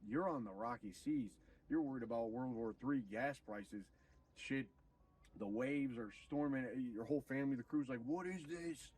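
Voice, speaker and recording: A male streamer telling a story in a loose, animated way, swearing freely and slipping into preaching. His voice is husky and rough-edged, sitting at a middle pitch. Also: moderate pace, recorded from a distance, low-quality recording. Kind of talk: casual storytelling on a livestream.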